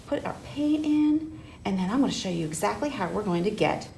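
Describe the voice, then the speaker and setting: A woman presenting a children's library program, animated and gasping with exaggerated delight. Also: medium pitch, fairly quick, vocal fry. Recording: roomy echo, distant mic, faint hiss.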